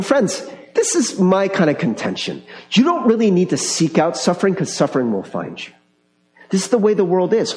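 A high-voiced male pastor preaches a sermon in a church sanctuary, his words carrying a long reverb through the echoey hall. His conversational, animated delivery includes questions put to the congregation.

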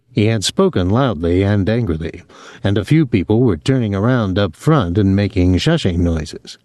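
A man reading an audiobook in expressive scripted narration. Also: lowish voice, moderate pace, no room sound, clean studio sound. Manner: expressive storytelling.

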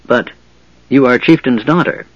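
A man's voice: medium pitch, moderate pace, dry recording, muffled recording, natural voice. A man voicing a proud plainsman warrior who speaks coldly and bluntly. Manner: cold, blunt.

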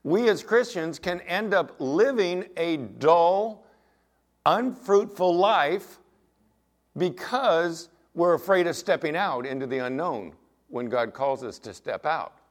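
Middle-aged male pastor, sermon, earnest and emphatic, slightly higher voice. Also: animated, slow. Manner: earnest, emphatic preaching with anecdotes.

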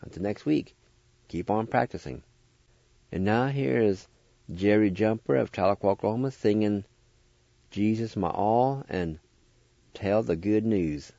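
A man hosting a radio language lesson, spelling words out letter by letter and repeating each syllable slowly and deliberately. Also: lowish voice, gravelly, warm tone, dry recording, lo-fi sound. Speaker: radio host teaching language vocabulary.

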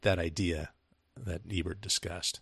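A man co-hosts a casual film chat, laid back and full of fillers as he works through his thoughts. His voice is very low with a gravelly fry, and it is recorded close and dry. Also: fairly even intonation, unhurried, a bit bright, no echo. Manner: laid-back, filler-heavy, laughs often. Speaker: podcast co-host.

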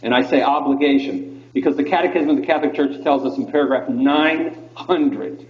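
A man giving a live talk to an audience about the faith, telling stories in an animated way and calling the crowd "folks.". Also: mid-range voice, normal speed. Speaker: Catholic speaker. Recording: echoey hall, dull lo-fi sound.

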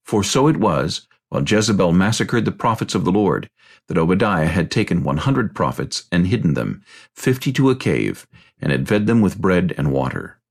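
A man with a low voice that has a gravelly edge narrates scripture in a deliberate, measured way. His pitch rises and falls a lot as he reads. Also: big pitch swings.

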